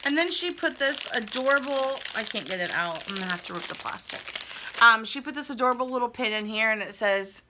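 A young woman vlogger gushes and thinks out loud while opening fan mail indoors at home. Her voice is fairly high, expressive and a little fast, and the background is noisy.

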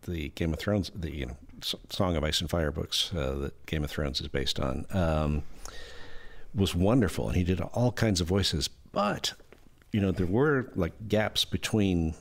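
A man's voice: deep voice, animated, measured pace, vocal fry. A man co-hosting a podcast, chatting casually and telling anecdotes with frequent laughter. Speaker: podcast co-host. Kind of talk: casual chat.

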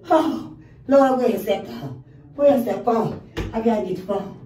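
A woman's voice: on the high side, takes it slowly, pauses often, crowd noise. An older grandmother in a frantic panic, crying out to the Lord and calling for help, then swearing angrily. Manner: frantic, praying aloud, swearing when angry. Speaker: grandmother, prank target. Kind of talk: panicked reaction. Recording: echoey room, far from mic.

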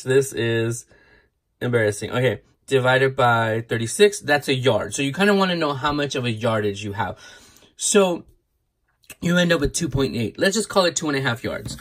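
A man's voice: mid-range voice, expressive, moderate pace, a bit bright. A man hosting a casual craft tutorial, chatty and rambling, correcting himself as he demonstrates. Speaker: craft channel host.

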